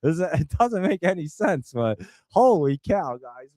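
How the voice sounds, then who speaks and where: A man's voice: on the high side, big pitch swings, measured pace, warm tone, no echo, studio quality. A man from New Jersey hosting a live stock market stream, talking casually and rambling in an exasperated way to his viewers. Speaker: stock market show host.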